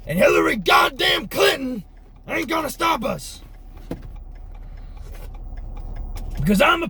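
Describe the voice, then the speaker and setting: Man doing a high-pitched, fiery conspiracy talk-show host, preachy then bellowing, street noise behind. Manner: preachy, building to furious shouting. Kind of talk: comic impression rant.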